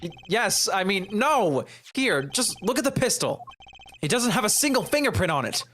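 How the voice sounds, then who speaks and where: A man's voice: sits high, very animated, normal speed, a bit bright, slight background noise, voice pushed up. A man voicing an earnest, easily flustered young male defense attorney in a fan-dubbed courtroom game.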